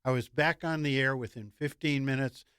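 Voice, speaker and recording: A man's voice: mid-range voice, fairly even intonation, normal speed, a bit bright, clean tone, no echo, clean studio sound. An older man, a veteran guest, telling anecdotes in a wry way with light chuckles. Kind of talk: interview storytelling.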